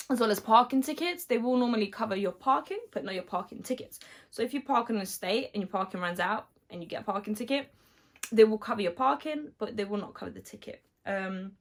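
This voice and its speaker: A woman, an electrician, slightly hoarse, explaining her trade in a casual vlog with many fillers, step by step. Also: medium pitch, fairly bright tone.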